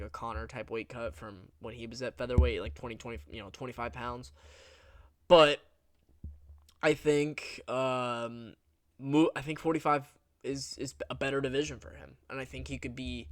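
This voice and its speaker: A man's voice: medium pitch, a bit bright, no room sound. Young male recap host, casual and blunt, mid-range voice, dry close sound. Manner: rambling, blunt, with crude jokes. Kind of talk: casual commentary.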